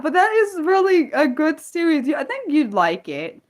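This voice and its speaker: Livestream host: woman, casual and rambling, pitch leaping up and down as she reacts to chat. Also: sing-song. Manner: chatty, rambling, quick to exclaim and react to chat. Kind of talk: unscripted livestream chat with viewers.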